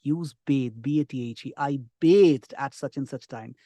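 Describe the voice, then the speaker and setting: A middle-aged man, teaching an online spoken class with lively, encouraging emphasis. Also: medium pitch, dry recording. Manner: lively, encouraging, lots of emphasis and drawn-out words. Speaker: English communication trainer.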